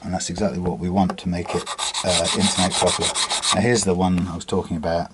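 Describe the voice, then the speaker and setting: A man with a lowish voice talks casually through a fret repair at his workbench, thinking aloud with plenty of fillers and restarts. Loud rasping from a file and sanding runs under his speech. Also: level tone, quick pace, few pauses. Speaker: guitar repair technician. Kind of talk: casual workshop demonstration. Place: workshop bench. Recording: loud workshop filing noise. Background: file rasping and sanding on metal frets.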